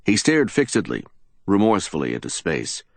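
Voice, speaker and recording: Deep husky male audiobook narrator. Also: huge pitch swings, moderate pace, no room sound. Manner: hard-boiled crime fiction delivery, voices characters. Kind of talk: dramatic audiobook reading.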